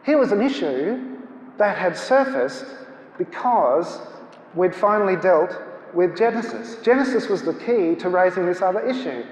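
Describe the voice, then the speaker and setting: Speaking a little slowly in a high-pitched, expressive voice, a man tells stories as a guest speaker at a church seminar. He acts out the dialogue as he goes, and the hall around him echoes.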